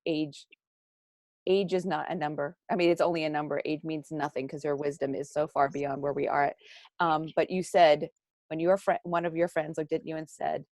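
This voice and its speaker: A woman's voice: low-pitched, little pitch movement, moderate pace, darkish tone, no echo. A woman in her thirties, a life coach, talking in an emotional live video chat, teary and effusive as she thanks a guest and talks into her tablet. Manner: gushing, laughing, tearful and effusive. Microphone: tablet mic.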